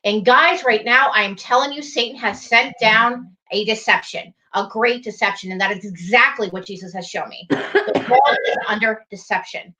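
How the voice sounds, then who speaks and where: A woman's voice: a little high, normal speed, sharp tone. A woman co-hosting an online morning show, talking in an impassioned, preachy way and urging listeners to wake up. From United States. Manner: urgent, pleading, preachy. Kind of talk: impassioned livestream talk.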